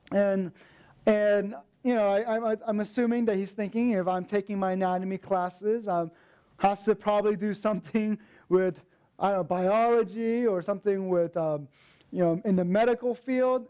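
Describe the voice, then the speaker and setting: Young male minister, high voice, storytelling sermon with animated quotes. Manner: storytelling with lively acted quotes. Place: church.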